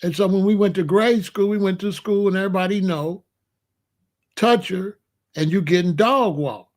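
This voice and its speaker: A man's voice: sits high, normal speed. A man in his late sixties, a show host, telling family stories in a casual, streetwise, boastful way with plenty of slang. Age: 60s. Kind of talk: casual storytelling monologue.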